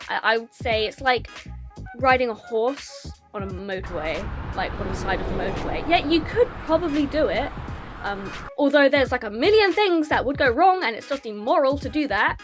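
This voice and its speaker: A woman, ranting to camera in a casual vlog, blunt and sweary, laughing often, recorded on a phone. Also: mid-range voice. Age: 20s. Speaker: vlogger.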